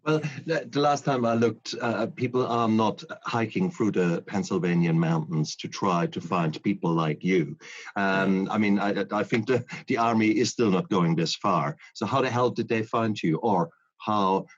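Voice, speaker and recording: A man's voice: on the low side, moderate pace. A man hosting a podcast interview, asking questions in a joking, casual way. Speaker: podcast host. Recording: dull lo-fi audio.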